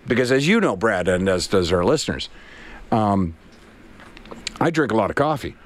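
A man's voice: lowish voice, big pitch swings, moderate pace. Rambling man in his fifties. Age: 50s. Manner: rambling storyteller, self-deprecating asides. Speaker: radio show host. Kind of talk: casual on-air chat. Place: radio studio. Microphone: studio mic with headset.

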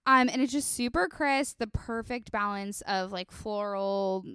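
A woman's voice: medium pitch, unhurried, a bit bright, smooth, dry recording, clean studio sound. A young woman guest chatting casually about wine on a podcast, upbeat, laughing often, with lots of ums. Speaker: winemaker guest.

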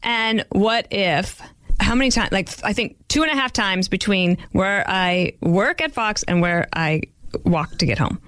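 A woman's voice: mid-range voice, unhurried, fairly bright tone, clear, resonant tone, no echo, studio quality. A middle-aged woman hosting a podcast, telling chatty anecdotes in a casual interview. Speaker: podcast host.

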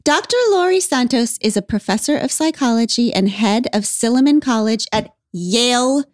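A woman's voice: fairly high pitch, lively intonation, moderate pace, no room sound, clean studio sound. A woman hosting a podcast in casual chat, wry and emphatic, laughing often. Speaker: podcast host.

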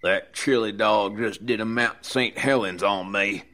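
A man voicing a heavyset, crude middle-aged man who jokes roughly and swears freely. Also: fairly low pitch, unhurried, bright, forceful tone, pitched above the performer's own voice. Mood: sheepish joking. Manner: joking, rough, profane.

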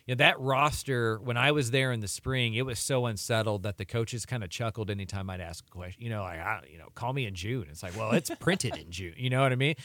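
A man co-hosting a casual sports talk show, chatty and quick, full of "like" and "you know". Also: mid-range voice, a bit bright. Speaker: co-host.

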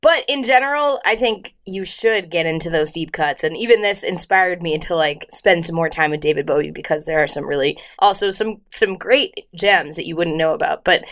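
A woman's voice: lowish voice, normal speed, few pauses, a bit bright. A woman co-hosting a casual podcast, rambling through asides, swearing freely and laughing often. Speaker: podcast co-host.

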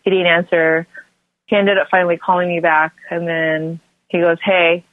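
Storytelling mom on a tinny phone line. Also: female voice, on the low side, normal speed, dry recording. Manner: animated, acts out family members' voices. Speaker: podcast guest. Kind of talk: casual storytelling.

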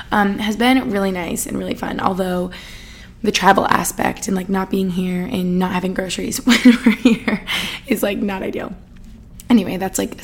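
A young woman hosting her podcast in an easygoing, chatty way, rambling through stories with plenty of "like" and soft laughs. Her voice sits at a middling pitch with a noticeable creaky fry at the ends of phrases. She sounds bubbly and unscripted. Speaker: podcast host. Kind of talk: casual chat.

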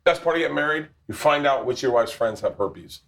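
A man hosting a casual chat while cooking, loud and full of swearing, who acts out the voices of people in his stories. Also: mid-range voice, lively intonation, fast, creaky, background noise. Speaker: host.

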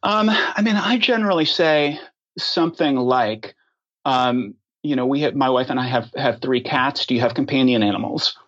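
A man answering questions as a podcast guest, talking thoughtfully and pausing often with ums and restarts. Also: mid-range voice, fairly bright tone, dull audio. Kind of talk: conversational interview answers.

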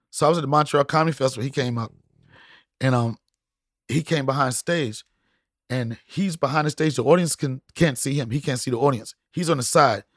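A middle-aged man, a comedian guest, telling stories in casual chat with loud, profane, laughing punchlines. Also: mid-range voice, no room sound, studio quality.

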